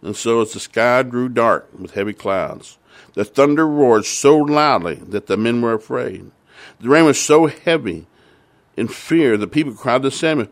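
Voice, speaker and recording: A man's voice: mid-range voice, animated, moderate pace. A man preaching a sermon, retelling a Bible story and then pressing its lesson with earnest, repeated emphasis. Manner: earnest, repetitive emphasis, rising to fervent.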